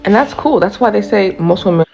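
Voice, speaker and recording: In a social media clip, an adult woman commentator delivers a blunt, dismissive lecture to men about dating. Her mid-range voice is animated and fairly quick, with vocal fry. The recording is dull, with music playing behind her.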